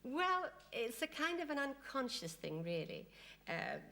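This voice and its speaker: A woman guest on a TV chat show, telling animated anecdotes and laughing often. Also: high-pitched, unhurried, gravelly, slight background noise. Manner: giggly, animated storytelling with frequent laughs. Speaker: guest impressionist. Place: TV studio.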